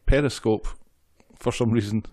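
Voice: mid-range voice, steady tone, moderate pace, mellow, no room sound, clean studio sound. A podcast co-host in casual chat, reading out episode trivia and joking along. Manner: reads trivia notes, jokey, laughs easily.

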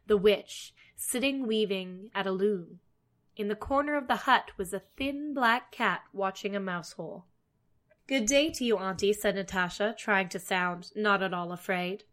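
A woman storyteller reading a fairy tale aloud, steady with wry asides. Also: mid-range voice, unhurried.

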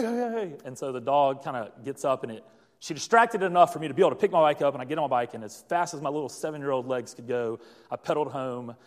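Young male pastor, mid-range voice, storytelling sermon full of ums, echoing church hall. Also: medium pitch. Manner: storytelling with many fillers and restarts.

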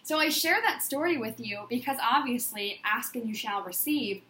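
A woman's voice: on the high side, lively intonation, moderate pace, bright, forceful tone, echoey room, slight background noise. A woman business coach giving an emphatic, repetitive motivational monologue in affirmation style.

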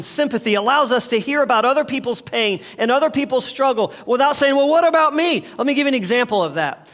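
High-pitched guy preaching, chatty pastor vibe, gets the crowd to say stuff back. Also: a bit bright. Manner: conversational preaching, leads the audience in call-and-response. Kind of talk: sermon.

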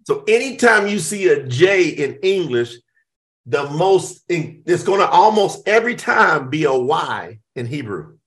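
Middle-aged guy, kinda high voice, acts out little conversations while explaining stuff. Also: measured pace. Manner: animated storytelling, acts out both sides of conversations. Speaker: guest explaining Hebrew names. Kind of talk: casual discussion.

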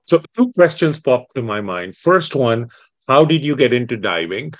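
A man's voice: mid-range voice, very animated, normal speed, highs cut off. A man hosting a podcast, upbeat and talking straight to his listeners. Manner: upbeat, addresses listeners as folks. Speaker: podcast host. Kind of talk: podcast interview.

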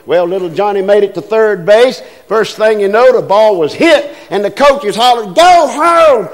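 Older preacher, man, high-pitched, folksy storyteller who slips into character voices. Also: normal speed. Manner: homespun storytelling, acts out voices in anecdotes. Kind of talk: folksy sermon with stories.

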